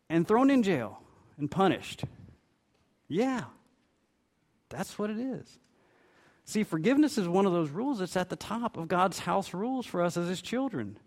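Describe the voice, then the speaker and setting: A middle-aged man preaching a sermon, telling a parable with expression and briefly voicing its characters. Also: high-pitched. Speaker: pastor.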